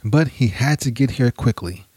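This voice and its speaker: A man narrating a history podcast in a measured, dramatic storytelling manner. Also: medium pitch, a little mellow, breathy edge, no echo.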